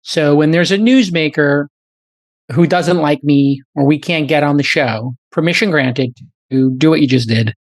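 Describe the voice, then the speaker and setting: A man's voice: on the high side, moderate pace, no echo. A middle-aged man hosting a podcast, riffing animatedly with plenty of fillers. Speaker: podcast host. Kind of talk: casual chat.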